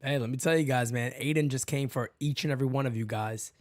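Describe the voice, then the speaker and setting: A man hosting a casual live fan chat stream, bantering loudly with viewers and swearing as he laughs. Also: medium pitch, fast talker.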